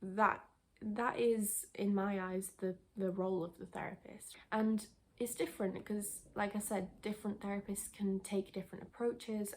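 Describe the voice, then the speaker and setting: A woman's voice: mid-range voice, darkish tone, slight background noise. A young woman vlogger chatting casually to camera, rambling with restarts and a bit out of breath. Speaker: lifestyle vlogger. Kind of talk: casual sit-down chat to camera.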